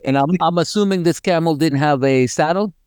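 A man's voice: fairly high pitch, fairly quick, darkish tone, smooth, no room sound, clean studio sound. A man co-hosting a podcast, mostly reacting with short exclamations. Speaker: podcast co-host. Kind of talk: casual chat.

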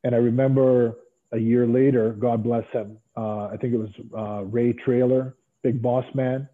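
Husky man telling old stories. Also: medium pitch, moderate pace. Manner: rambling, animated, many fillers and restarts. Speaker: former pro wrestler as guest. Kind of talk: casual storytelling. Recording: tinny phone-like line.

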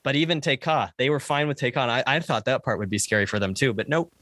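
Male podcast host, mid pitch, casual, restarts often, dry sound. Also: fast talker, fairly bright tone, dry recording. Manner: chatty, laughs often, lots of restarts. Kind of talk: casual chat. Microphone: remote call over the internet.

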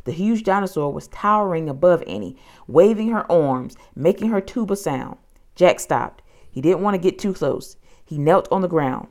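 At a moderate pace and in a lowish voice, a woman narrates a children's storybook, giving it an expressive and dramatic reading.

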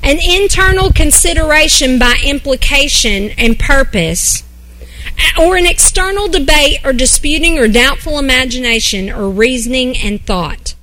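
A woman pastor preaches at a church service in a high, bright-pitched voice. She is emphatic and playful and drifts into asides with the congregation. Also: moderate pace, poor audio. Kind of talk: sermon.

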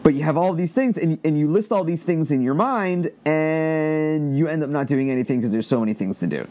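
A man's voice: fairly high pitch, expressive, brisk, a little mellow. A man in casual commentary, reading quoted text aloud and adding blunt, exasperated asides with free swearing. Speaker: commentator reading an online thread.

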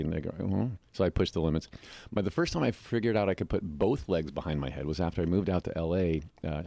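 A man's voice: sits low, no echo. A middle-aged man from the United States, a guest actor, telling stories in a casual interview and acting out the voices he quotes. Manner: animated, acts out quoted voices.

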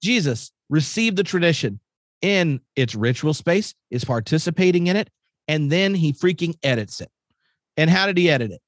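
A man giving a casual, animated theological talk, full of fillers like "like" and "um". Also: on the high side, moderate pace, dry recording, clean studio sound. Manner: animated, filler-heavy, conversational. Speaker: podcast guest speaker.

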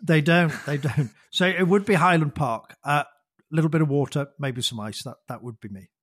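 Husky, chatty male podcast guest. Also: fairly high pitch, expressive, fairly quick, fairly bright tone, dry recording, clean studio sound. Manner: chatty, self-deprecating, laughs often, repeats words. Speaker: guest, former gamekeeping organisation chairman. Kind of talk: casual podcast chat.

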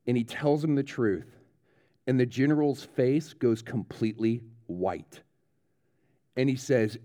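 A man's voice: medium pitch, animated, measured pace, warm tone. A man preaching a children's sermon in a church service, telling a true story with dramatic build-up and checking in with the kids. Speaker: pastor.

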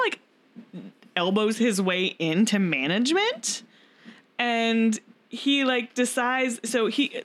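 A woman's voice: mid-range voice, a bit bright. A woman hosting a podcast, telling a story in casual chat with lots of fillers and frequent laughter. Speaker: podcast host.

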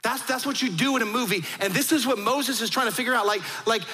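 A man preaching a sermon as pastor, animated, acting out the people in his story. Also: extremely high pitch, fast talker, in a large hall. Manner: animated, acts out quoted voices.

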